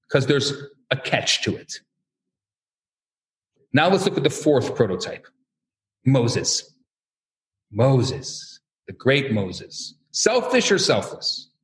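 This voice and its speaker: A man giving a talk, telling stories and acting out the voices of the people in them. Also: high-pitched. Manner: animated, acts out quoted voices. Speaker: lecturer. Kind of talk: storytelling talk.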